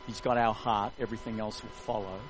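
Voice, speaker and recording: A man preaching a sermon, retelling a story in an animated, jokey way. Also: on the low side, a little fast, rough recording.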